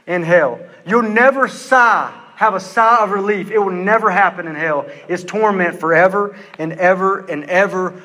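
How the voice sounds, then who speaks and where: A man preaching a sermon, intense and emphatic, slowing down to stress his words. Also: high-pitched, sharp tone, in a large hall.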